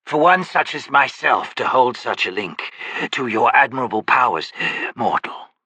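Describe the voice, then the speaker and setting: A man voicing a broken, chained male creature in an audiobook, with a rasping, wheezing voice and a slow, menacing way of talking. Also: mid-range voice, lively intonation, bright, forceful tone, dry recording, heavily acted. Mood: bitter.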